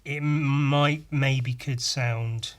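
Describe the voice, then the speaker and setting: Sweary sardonic English man, slow drawl. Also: medium pitch, steady tone. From England. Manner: sardonic, sweary, mock-outraged asides. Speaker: podcast host. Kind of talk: casual solo rant.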